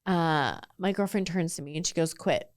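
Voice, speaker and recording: Low-voiced woman telling her story frankly. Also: moderate pace, no echo, studio quality. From southern California. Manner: candid, frank storyteller with frequent "like" fillers. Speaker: guest, ice cream entrepreneur. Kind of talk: casual interview storytelling.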